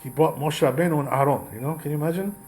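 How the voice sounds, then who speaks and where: A male rabbi teaches a class by retelling a story. He talks in a loose, chatty way and often turns to his listeners with quick asides. His voice sits a bit high for a man. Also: slight background noise, low-quality recording. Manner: conversational, repetitive asides, animated retelling.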